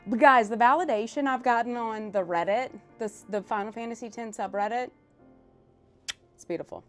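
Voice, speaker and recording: A woman from South Louisiana with a Louisiana accent, chatting casually and rambling on a livestream, excitable and quick to swear. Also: a little high, faint music behind. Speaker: live streamer.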